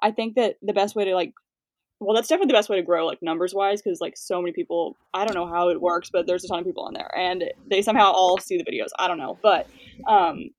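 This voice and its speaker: A woman in her twenties, a guest influencer, chatting casually and quickly with lots of fillers and laughs. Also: fairly low pitch, dry recording. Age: 20s. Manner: fast-talking, filler-heavy, laughing. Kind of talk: casual interview chat.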